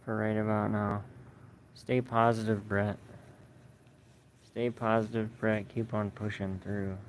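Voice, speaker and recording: A man's voice: on the low side, level tone, takes it slowly, a little hiss or hum. A young man hosting a casual livestream outdoors under a tree, reading viewer comments aloud in a laid-back, slangy, profane way. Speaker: livestream host.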